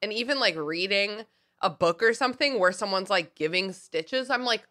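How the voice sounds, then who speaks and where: Bright-voiced woman podcast co-host. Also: mid-range voice, moderate pace. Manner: animated, laughing, swears freely. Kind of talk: casual chat.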